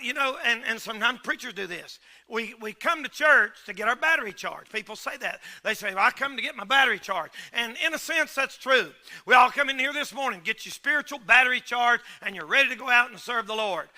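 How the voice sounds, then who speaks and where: A man, a pastor preaching a storytelling sermon in a folksy, rambling way that breaks into shouts. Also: very high voice.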